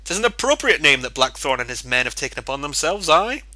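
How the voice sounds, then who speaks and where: Casting: a sarcastic boastful bard with a bright, sharp edge, read by a man, dry close sound. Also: fairly high pitch, very animated, fast talker, dry recording, full character voice. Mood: sardonic. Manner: mock-archaic, dry irony. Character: sly, sarcastic male bard, theatrical and boastful.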